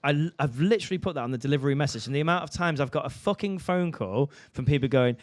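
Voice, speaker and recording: A man's voice: on the high side, quick pace, dry recording. Man, podcast co-host, sweary, acts out voices, very dry close sound. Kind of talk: casual comedic chat.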